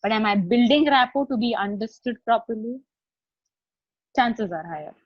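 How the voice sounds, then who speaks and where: A woman's voice: on the high side, lively intonation, moderate pace, no room sound, highs cut off. A woman life coach with an Indian English accent, chatting through a live online session and checking in with her listeners as she explains each step. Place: video call.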